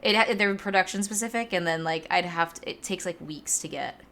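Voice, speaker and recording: A woman's voice: on the low side, brisk, bright, forceful tone. A woman chatting casually on a livestream, telling stories and laughing often. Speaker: streamer co-host.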